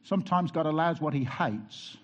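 A man's voice: on the high side, expressive, moderate pace. A man, a pastor preaching a sermon and telling personal stories in an earnest way, with wry asides and frequent restarts.

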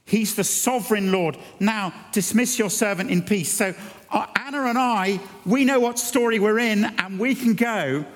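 A man's voice: sits high, moderate pace, few pauses. A man preaching an earnest sermon, rising to emphatic peaks. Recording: long reverb of a large hall.

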